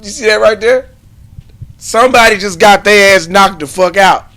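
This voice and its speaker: A man co-hosting a podcast, telling a story in casual chat, profane and boisterous, breaking into shouted yells. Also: high-pitched, normal speed. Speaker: podcast co-host.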